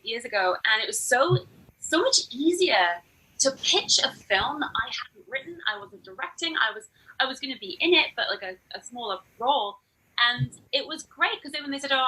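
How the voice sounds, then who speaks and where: A woman who teaches burlesque, chatting in a casual podcast interview and acting out quotes in lively voices. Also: fairly high pitch, breathy edge, rough recording. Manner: animated, acts out quotes in different voices.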